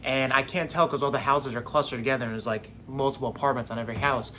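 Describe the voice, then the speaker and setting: A young man casually telling a story straight to camera, animated and acting out what others said. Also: medium pitch, fast talker, a little hiss or hum. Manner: animated, acts out quoted voices.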